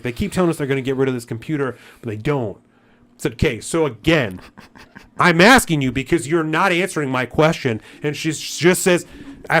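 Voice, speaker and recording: A man on a podcast recounting an annoying store visit, his voice sitting in an ordinary middle register. He plays both himself and the clerk as he tells it, swearing freely. The story grows into an irritated rant. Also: mid-range voice. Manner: animated retelling that grows into irritated ranting. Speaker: podcast co-host. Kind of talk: casual storytelling chat.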